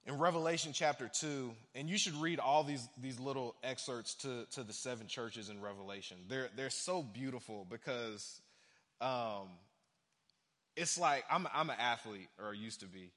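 A young adult man preaching a sermon from a church stage, animated, acting out quotes in other voices. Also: medium pitch, normal speed. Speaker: pastor. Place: large church hall. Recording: long hall reverb.

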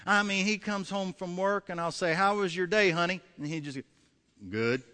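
A male preacher playing a frustrated wife, drawn out and exasperated as she complains. His bright voice rings through a large hall with a long tail of reverb. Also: high-pitched, normal speed, clear, resonant tone.

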